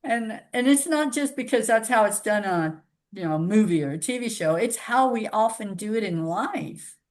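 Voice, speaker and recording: A woman's voice: on the high side, normal speed. A woman hosting a spiritual discussion group, talking casually and acting out little everyday exchanges to make her points. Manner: animated, acts out little dialogues when making a point.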